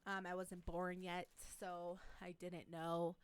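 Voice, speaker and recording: A woman's voice: on the low side, slow, clean tone. A young adult woman co-hosting a casual chat, telling stories with lots of laughter and swearing. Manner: animated, laughing, swearing storyteller. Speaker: podcast co-host. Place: room with co-hosts watching TV.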